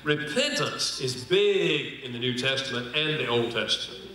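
An older man with a mid-range, animated voice and a sharp tone speaks at a moderate pace. His conference talk is sermon-style teaching built on anecdotes, with quoted lines acted out and jokes for the audience, recorded as roomy hall audio from a distant mic.

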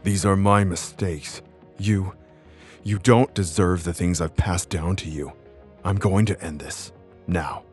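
A man voicing a grim, weary father who carries a symbiote, speaking low, heavy and resolute. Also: fairly even intonation, slow, darkish tone, soft background music.

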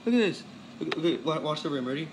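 A man vlogging a teardown in an excitable, rambling way, sweaty and worked up, full of exclamations. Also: on the high side, fast, very noisy. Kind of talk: excited casual teardown vlog.

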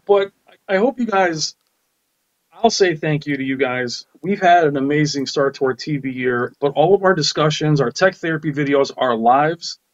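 An opinionated man co-hosts a live tech chat, speaking with enthusiasm in a slightly higher voice. His sound is a bit dull and muffled. It is also dry, with no room echo. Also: moderate pace. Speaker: co-host.

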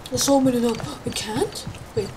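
A woman on the higher side of pitch, with fairly even intonation and a brisk delivery, narrates her horror game live as a streamer. She frightens easily and exclaims often, over noticeable background noise.

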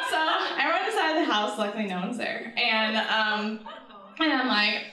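A woman's voice: on the high side, expressive, moderate pace, heavy background noise. A woman telling a true story live on stage, chatty and giggly, with many ums. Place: live stage event before an audience. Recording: very echoey venue, distant mic, audience audible.

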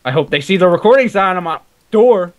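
A man's voice: high-pitched, animated, fairly quick, dull audio. A man playing a block-building game with a friend, rambling and giggling with lots of "like". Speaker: co-player. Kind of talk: casual gaming chat over voice call.

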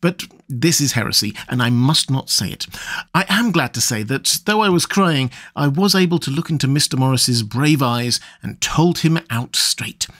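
A man's voice: mid-range voice, animated, moderate pace, a bit bright. A man reading as a sweet, emotional young woman, confiding in a letter for an audiobook. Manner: gushing, confiding.

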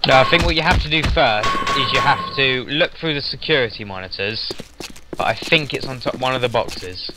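A man's voice: mid-range voice, a little fast, loud music behind the voice, rough recording. A man with a Northern English accent chatting casually while playing a co-op shooter, yelping when hit. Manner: chatty, yelps when hit, hums songs between lines. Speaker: co-op game player. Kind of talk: casual gaming chat. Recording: voice chat over loud game gunfire.

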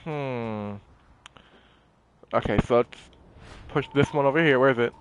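A young man giving animated gameplay commentary, talking to the characters on screen as he plays. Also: mid-range voice, measured pace, background noise. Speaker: gaming channel host.

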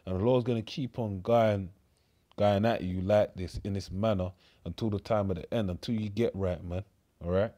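A man's voice: lowish voice, fairly even intonation, moderate pace, mellow. A man with a London Cockney accent preaching and reading scripture aloud, rambling and repeating words, often tagging lines with "man" and "mate". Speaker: street preacher.

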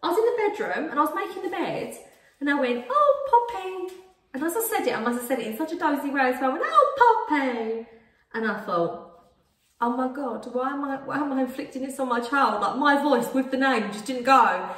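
A woman's voice: high-pitched, quick pace, fairly bright tone, recorded from a distance. Chatty woman, echoey room. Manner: chatty, giggly, rambling. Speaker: YouTube host. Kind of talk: casual couple chat.

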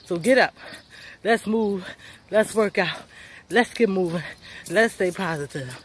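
A woman talks to her phone while walking outdoors in the sun, slightly out of breath. She is chatty and encouraging, and her pitch sits in the middle. Faint outdoor noise carries in the background. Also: unhurried. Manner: encouraging, chatty, calls viewers honey and y'all. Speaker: fitness vlogger. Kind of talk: casual motivational vlog while walking. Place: outdoors on a sunny neighborhood street.

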